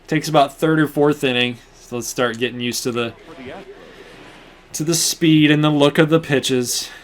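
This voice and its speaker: A man's voice: on the high side, steady tone, moderate pace, a little hiss or hum. A young man hosting a gaming channel, chatting to viewers with casual play-by-play while he plays a baseball video game. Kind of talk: casual gameplay commentary.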